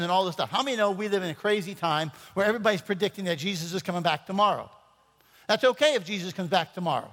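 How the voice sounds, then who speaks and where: High-pitched and slightly bright, a pastor delivers a playful, meandering sermon, pausing between points to joke with the congregation. The setting is a church sanctuary, with reverb from the hall on the recording.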